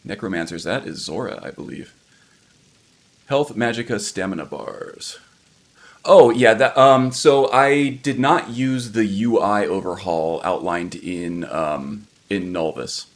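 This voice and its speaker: A male game streamer with a deep, fry-laden voice commenting casually on his play. He rambles, corrects himself, and fills gaps with ums. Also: a little slow. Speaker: livestreamer playing a game.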